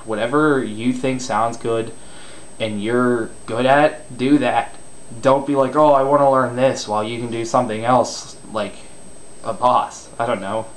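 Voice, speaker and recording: A man's voice: medium pitch, a little hiss or hum. A man giving a casual spoken tutorial on screaming, loose and rambling, self-deprecating and crude.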